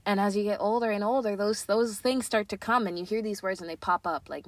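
A woman's voice: medium pitch, fairly quick, hardly any pauses, dry recording. A young woman hosting a podcast, talking earnestly and casually with lots of "like" and "right?". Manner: earnest, chatty, many "like" and "right?" fillers. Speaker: podcast host. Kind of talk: casual confessional chat.

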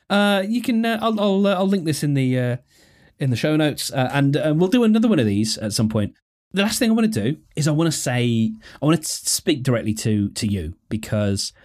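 A man hosting a casual solo podcast, thinking aloud in an animated, self-mocking way with many restarts. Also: mid-range voice. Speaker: podcast host.

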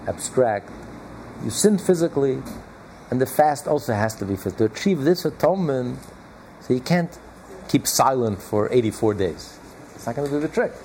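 A man's voice: medium pitch, warm tone, slight background noise, low-quality recording. A man teaching a text to a small study group, emphatic, repeating his key points and chuckling now and then. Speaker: Torah class teacher.

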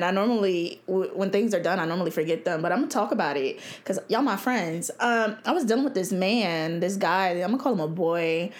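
Her voice is on the low side, and she talks fairly quickly with few pauses. A podcast host in her twenties, she speaks casually on her own show, blunt and chatty, with frequent laughter.

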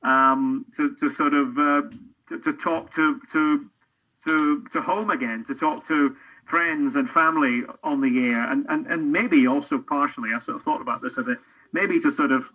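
A man's voice: fairly high pitch, moderate pace. A middle-aged man from Scotland, a football commentator, talking earnestly and thoughtfully in an interview, often restarting his sentences. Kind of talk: reflective casual interview talk. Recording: tinny phone-line audio.

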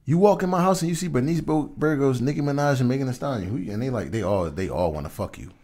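A man's voice: mid-range voice, lively intonation, fast talker, darkish tone. A young man co-hosting a podcast, chatting casually in street slang and often repeating himself. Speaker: podcast co-host. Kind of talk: casual chat.

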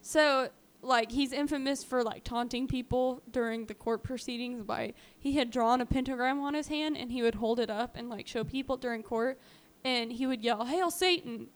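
A woman's voice: a little high, steady tone, normal speed, hardly any pauses. A woman co-hosting a podcast, telling a true-crime story in a chatty way with lots of fillers. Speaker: podcast co-host. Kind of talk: casual true-crime chat.

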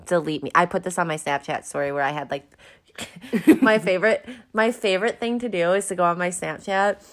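Young woman, podcast co-host, slightly low voice, giggly, swears, loose chatty talk. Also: a little fast. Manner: laughs often, swears freely, trails off mid-sentence. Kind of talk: casual chat.

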